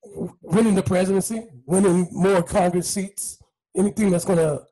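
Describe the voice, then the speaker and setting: Excitable husky-voiced man hosting a podcast. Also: high-pitched, moderate pace, poor audio. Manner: excitable, joking, laughs often. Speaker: podcast host. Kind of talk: casual podcast chat.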